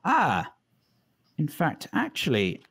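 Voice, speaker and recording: A man running a tabletop game as dungeon master. He talks slowly, and his pitch swings widely as he narrates. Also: husky. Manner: slow, animated storytelling, plays many voices.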